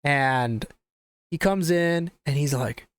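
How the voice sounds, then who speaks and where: A man's voice: fairly high pitch, slow, clear, resonant tone, no echo. A young man hosting a podcast, telling a story in a casual, profane, rambling way. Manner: profane, animated, rambling with restarts. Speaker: podcast host.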